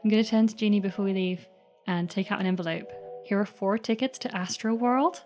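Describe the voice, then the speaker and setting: A woman's voice: mid-range voice, fairly quick, a little mellow, faint music behind. A woman playing a character in a tabletop game, talking casually and a little hesitantly. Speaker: player. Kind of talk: tabletop role-play chat.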